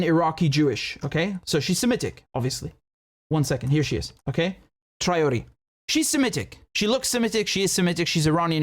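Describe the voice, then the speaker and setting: Man in his thirties, UK-born political commentator, higher-pitched voice, emphatic and rhetorical livestream delivery. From United Kingdom. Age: 30s. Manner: emphatic, rhetorical, frequent restarts.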